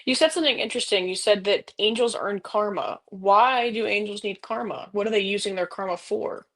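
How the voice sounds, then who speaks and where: A woman's voice: medium pitch, a little fast, fairly bright tone. A woman co-hosting a podcast, asking questions in a curious, chatty way. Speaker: podcast co-host. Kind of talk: casual podcast conversation.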